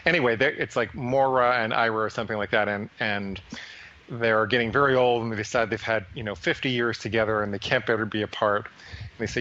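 A man's voice: on the low side, fairly even intonation, a little fast, sharp tone, highs cut off. A man hosting an interview in casual talk, who stammers and often repeats words. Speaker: podcast host.

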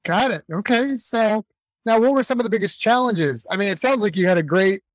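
High-voiced enthusiastic male host. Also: animated, dry recording. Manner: enthusiastic, quick follow-up questions. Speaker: podcast host. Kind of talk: interviewing.

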